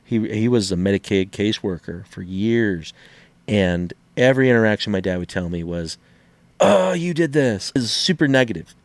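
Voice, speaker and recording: A middle-aged man co-hosting a podcast in casual chat, an animated storyteller who acts out quotes and swears freely. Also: fairly low pitch, fairly quick, dry recording. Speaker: podcast co-host.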